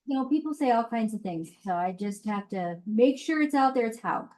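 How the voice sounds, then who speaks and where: A woman guest in a casual interview, speaking plainly and getting straight to the point. Her pitch sits a little higher than average, and she sounds direct and unfussy. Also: lively intonation, a little fast, darkish tone. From Colorado. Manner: frank, matter-of-fact, speaks her mind. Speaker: funeral director and mortuary educator.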